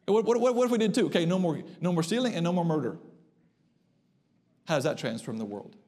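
High-voiced preacher in a reverberant hall. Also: male voice, expressive, dark tone. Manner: emphatic preaching, slows and rises for emphasis. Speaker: pastor. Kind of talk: sermon. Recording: long reverb of a church hall.

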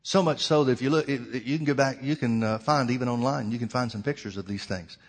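A male preacher telling a story in a sermon, dramatic, swinging between loud outbursts and hushed near-whispers. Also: medium pitch, fast.

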